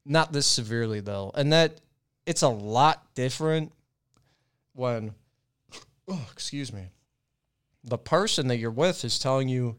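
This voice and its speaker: A man's voice: medium pitch, animated, measured pace, long pauses, clear, resonant tone. Rambling, swearing young man on a podcast. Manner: loose, profane and rambling. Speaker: podcast co-host. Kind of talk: casual podcast chat.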